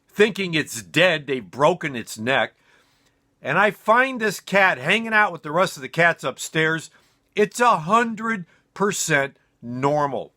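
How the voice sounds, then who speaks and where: A man's voice: on the high side, lively intonation, slow, pushed and bright. A man telling a personal story in a casual, rambling, self-deprecating way with many fillers.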